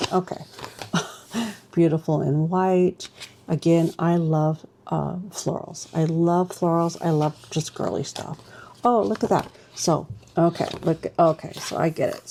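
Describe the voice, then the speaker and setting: Low gravelly woman gushing over stationery. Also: dark tone, a little hiss or hum. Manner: gushing, exclamatory, chatty with fillers. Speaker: stationery vlogger. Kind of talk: casual unboxing chat.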